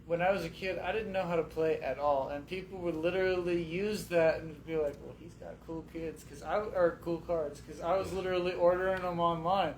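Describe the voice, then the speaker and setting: A slightly higher-voiced man talks as a radio guest, telling his stories bluntly and with plenty of cursing. The room sounds echoey, with a faint hiss behind him. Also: fairly even intonation, a little fast, few pauses. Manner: profane, emphatic storytelling. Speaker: guest rapper. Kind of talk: casual radio chat.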